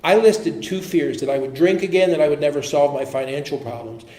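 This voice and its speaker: A man speaking as an AA speaker, telling his personal recovery story in an earnest, halting way with frequent restarts. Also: a little high, darkish tone. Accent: American. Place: meeting hall. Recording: echoey room with faint noise.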